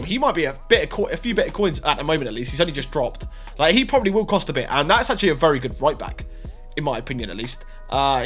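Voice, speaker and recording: A young man hosts a pack-opening gaming video with a lively, bouncing voice. He jumps from excited shouts to drawn-out groans. Faint music plays underneath. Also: on the high side, slightly rough. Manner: excitable, swinging between hype and groans. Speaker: gaming YouTuber.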